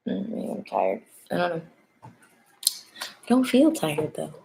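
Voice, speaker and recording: A woman's voice: on the low side, huge pitch swings, slow pace, creaky, warm tone, a little hiss or hum. A young woman hosting a casual live stream as a tarot reader, chatting, greeting viewers by name and laughing often.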